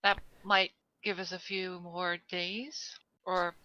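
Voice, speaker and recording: A woman playing in a tabletop game, practical and measured, over dull lo-fi call audio. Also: lowish voice, flat delivery, sharp tone, no echo. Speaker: player.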